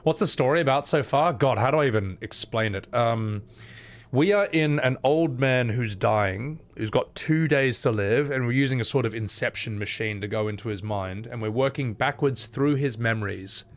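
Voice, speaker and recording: A man's voice: mid-range voice, moderate pace. A man streaming a game, rambling and self-deprecating in casual commentary. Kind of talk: casual gameplay commentary with voice acting.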